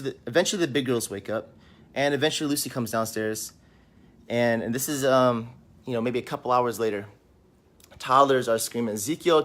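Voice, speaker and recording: A man's voice: medium pitch, fairly bright tone. A man talking candidly in a personal vlog, sitting on a couch at home, in a raw, rambling, emotional way. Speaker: vlog host.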